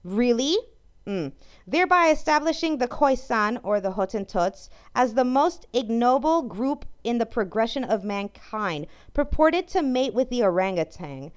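Woman vlogger, fiery profane ranter, smooth clear tone, slightly high-pitched. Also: expressive, unhurried. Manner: heated, profane, swears often; stumbles and restarts mid-sentence. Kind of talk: angry commentary rant.

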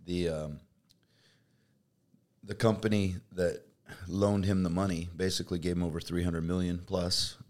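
Middle-aged Midwestern man, deep low register, easygoing podcast guest who muses aloud. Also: normal speed. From Midwest, Kansas. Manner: relaxed storytelling, thinks aloud. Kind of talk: casual chat.

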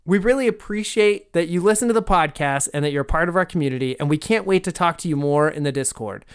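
A man's voice: on the high side, fast talker, reverberant. A man hosting a podcast and narrating a tabletop game in an upbeat, loose, filler-heavy way.

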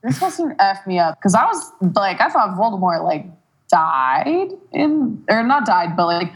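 A woman's voice: mid-range voice, sing-song, moderate pace, breathy edge, rough recording. A young woman as a podcast guest, chatting casually with lots of "like" and acting out reactions. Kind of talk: casual chat.

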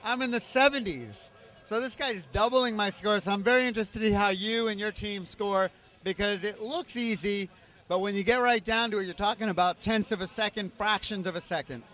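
Man, high voice, interview guest, steady explanatory manner. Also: brisk. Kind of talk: explaining a product.

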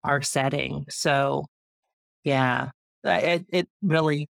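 A woman in her thirties, a guest, chatting proudly and warmly about her homestead and her family. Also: low voice, steady tone, slow, creaky, no echo, studio quality. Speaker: guest, urban homesteader and mom. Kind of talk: casual interview chat.

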